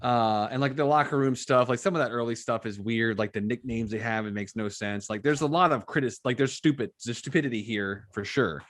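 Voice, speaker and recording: A man's voice: mid-range voice, fairly quick, hardly any pauses, fairly bright tone, no echo, studio quality. A man co-hosting a movie review podcast, enthusiastic, stammering and restarting as he talks. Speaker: podcast co-host. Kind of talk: casual movie review chat.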